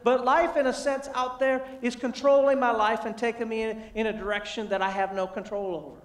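A man giving a humorous motivational sermon, telling a family story with animated, self-deprecating delivery. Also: high-pitched, a little fast, hardly any pauses. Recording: echoey, distant mic in a large room.

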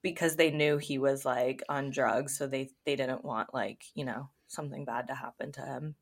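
A woman's voice: rumbling low, steady tone, normal speed. A woman guest on a podcast, recapping episodes in laid-back casual chat.

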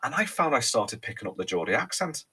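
This podcast host, a man in his thirties from Ellesmere Port, England, has a Merseyside accent with a faint Cheshire lilt. His mid-range voice is very animated, fast, bright, forceful and slightly rough, and his casual solo chat rambles along with frequent ums, restarts and repeated words.

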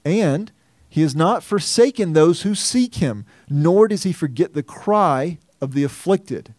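A man's voice: a little high, lively intonation, measured pace, darkish tone, no room sound, studio quality. A man pastor preaching a sermon, teaching earnestly and reading scripture aloud with feeling.

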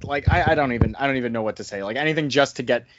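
A man co-hosting a casual wrestling recap podcast, talking animatedly and slipping into excited impressions now and then. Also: medium pitch, very fast, muffled recording, background noise. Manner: animated, breaks into excited mimicry. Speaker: podcast co-host.

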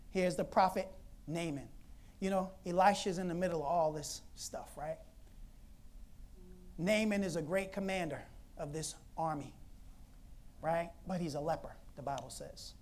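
A woman preacher telling a Bible story in an animated, conversational sermon, laughing often. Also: mid-range voice, normal speed.

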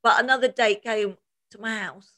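A female podcast co-host, her voice on the high side and her speed normal, shares stories in relaxed conversation. She's animated, laughing often and acting out quotes.

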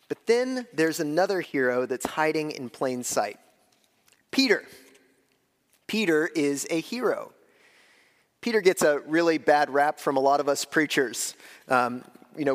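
A man preaching a sermon as pastor, talking in a conversational way, with slow, weighty phrases broken up by quick asides. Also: on the high side, a bit bright, big-room sound.

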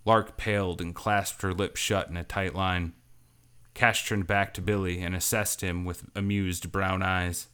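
A man narrating a scripted space-western story in a measured, even storytelling manner. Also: low-pitched, smooth. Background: faint guitar music.

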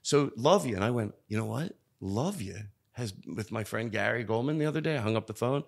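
Low-voiced man, earnest and rambling. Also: expressive, a little fast, vocal fry. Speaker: comedian guest. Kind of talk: casual conversation.

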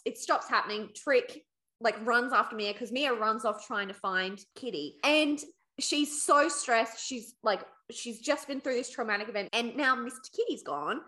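A woman co-hosting a book podcast, recapping chapters in an animated, sweary, laughing way. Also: fairly high pitch. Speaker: podcast co-host. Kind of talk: casual book chat.

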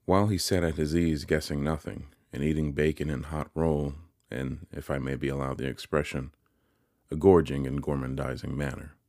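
A man narrating a classic novel as an audiobook, in a measured storytelling way. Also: rumbling low, fairly even intonation, a little mellow, dry recording, studio quality.

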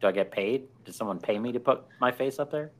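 A man's voice: mid-range voice, fast talker. A man co-hosting a podcast in casual chat, dry and laid-back with many fillers. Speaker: podcast co-host.

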